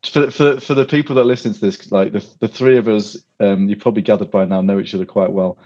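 A man hosts a casual podcast chat. His voice is on the low side and he rambles good-naturedly. The recording is dull and lo-fi. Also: steady tone, fast talker, dark tone. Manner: chatty, rambling, laughs often. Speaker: podcast host. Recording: dull lo-fi audio.

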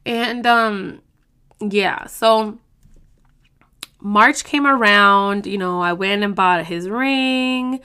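Young woman, podcast host, bright edge to the voice, loose and profane storyteller. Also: mid-range voice, slow pace, smooth. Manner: profane, blunt, chatty. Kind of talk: casual storytelling.

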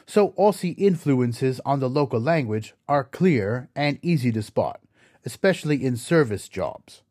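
A man hosting an educational podcast, reading a scripted explanation slowly and carefully and spelling words out letter by letter. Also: medium pitch, expressive, darkish tone, no echo, studio quality. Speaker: podcast host.

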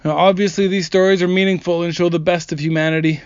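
A man's voice: high-pitched, flat delivery, fast, clear, resonant tone, no echo. A man earnestly reading aloud stories from comments and adding his own remarks, with small slips and restarts now and then. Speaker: narrator reading viewer comments. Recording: dry, slightly dull lo-fi recording.

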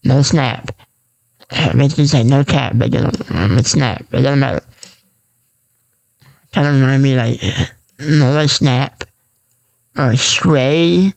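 Male solo podcaster, gravelly, rambling and unscripted, mid pitch. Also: a little slow, long pauses. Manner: rambling, repetitive, restarts and filler-heavy. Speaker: podcast host.

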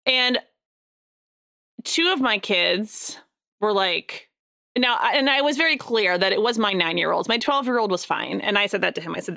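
A woman in her thirties with a gravelly, creaky edge, talking in a relaxed chat. She tells parenting stories with energy and acts out what she said to her kids. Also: medium pitch, normal speed. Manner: animated storytelling, quoting herself at length. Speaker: parent co-host. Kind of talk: casual chat.

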